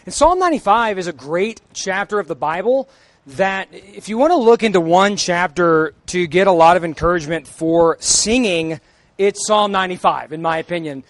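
High-voiced man preaching with emphatic energy. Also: expressive, moderate pace, no room sound. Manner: emphatic, rising to near-shouts; conversational, jokes with the congregation. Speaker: song leader preaching at church. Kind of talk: sermon. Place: church sanctuary.

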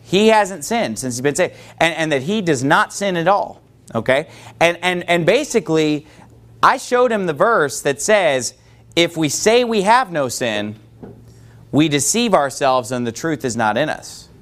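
High-voiced emphatic preaching man. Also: sing-song, unhurried, fairly bright tone. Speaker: pastor. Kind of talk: sermon.

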